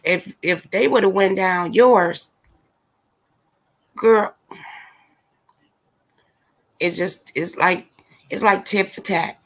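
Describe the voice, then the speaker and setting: A woman hosting a casual livestream, ranting bluntly and with exasperation straight to her viewers. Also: mid-range voice. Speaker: livestream commentator.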